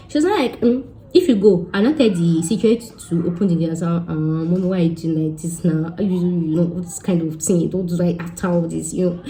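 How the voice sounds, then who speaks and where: A young Nigerian woman with a Nigerian accent, telling a story to her viewers in a lively, joking way and mixing Pidgin and Yoruba into her English. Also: fairly low pitch, fairly quick. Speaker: vlogger. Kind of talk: casual storytelling.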